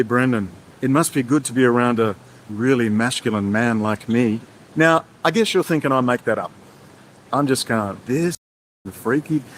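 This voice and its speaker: A man's voice: on the high side, slight background noise. A man giving a heated, sarcastic livestream monologue while out in a city, jumping from topic to topic. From Australia. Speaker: livestream host. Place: outdoors in a city, walking.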